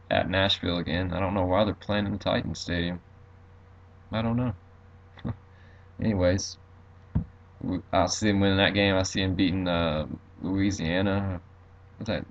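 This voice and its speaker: A man's voice: low voice, lo-fi sound. A young man giving a casual, rambling college football preview straight to his viewers. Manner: rambling, loose, talks to viewers as guys. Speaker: sports vlogger.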